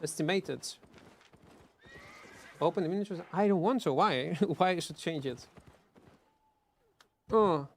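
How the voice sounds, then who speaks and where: High-voiced streamer. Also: male voice, a little slow, pauses often. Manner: chatty, excitable, stumbles and repeats words. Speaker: game streamer. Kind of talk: live gameplay commentary chatting with viewers.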